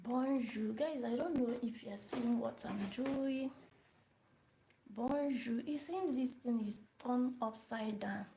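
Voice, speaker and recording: A woman gives a live beginner lesson, speaking slowly and going over each word several times. Her voice sits a little high, with a gravelly, creaky edge and a mellow, dark tone. Recorded on a phone. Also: slight background noise, low-quality recording. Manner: repeats words and asks the viewers questions. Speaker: language teacher.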